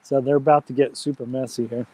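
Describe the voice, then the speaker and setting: A man's voice: mid-range voice, little pitch movement, fast, a little hiss or hum. A man hosting an outdoor campfire live stream, chatting casually and reading viewer comments aloud. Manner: chatty, reads chat aloud, friendly shout-outs.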